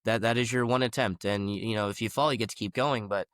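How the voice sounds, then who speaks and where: A man's voice: on the low side, steady tone, fast talker, fairly bright tone, no room sound, studio quality. A man explaining gymnastics pressure in a podcast discussion.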